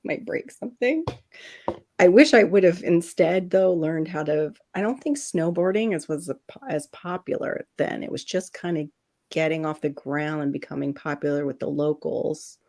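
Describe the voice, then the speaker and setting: A middle-aged woman from Florida hosting a casual chat, telling animated stories and laughing often. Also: low voice, a little slow, creaky. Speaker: livestream host.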